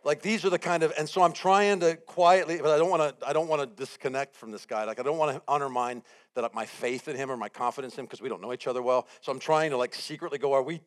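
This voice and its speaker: Guy preaching a sermon, tells stories all animated, stacks up repeated lines for emphasis, middle-pitched voice. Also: fast talker. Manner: animated storytelling, acts out his own panic and quotes; builds repeated phrases into rising emphasis. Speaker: guest preacher.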